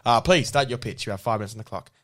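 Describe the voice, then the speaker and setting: A man's voice: lowish voice, a bit bright, voice pushed down, close to an everyday voice. A man playing a show announcer who keeps time and pushes the contestant along. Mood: stern. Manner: officious, hurried timekeeping. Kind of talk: improvised comedy sketch.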